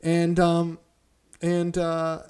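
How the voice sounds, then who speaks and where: A young man with a slightly high voice tells a story on a casual podcast. He swears freely and acts out every line of dialogue with lively energy. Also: extremely slow, clean tone. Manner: profane, animated storyteller who acts out quotes. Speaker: podcast co-host.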